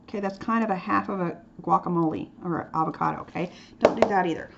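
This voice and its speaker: A woman's voice: fairly low pitch, fast talker, vocal fry. A woman teaching a drawing lesson in a playful, chatty way, dropping into whispered asides as she demonstrates. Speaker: art teacher. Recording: dull lo-fi sound with faint noise.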